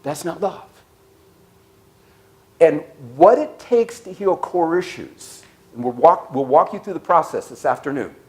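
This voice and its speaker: A man giving an animated sermon-style talk at a church service, telling stories and questioning the audience. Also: on the high side, unhurried, pauses often. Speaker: speaker.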